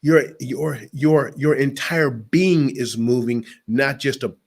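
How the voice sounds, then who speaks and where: His mid-range voice is slow, slightly rough, and has vocal fry. A motivational speaker in an interview, he lectures emphatically and talks directly to listeners.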